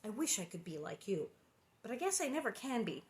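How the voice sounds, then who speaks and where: A woman voicing an honest, eager young girl in a storybook read-aloud, speaking emphatically with a voice that jumps high. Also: big pitch swings, fairly quick, close to an everyday voice. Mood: earnest.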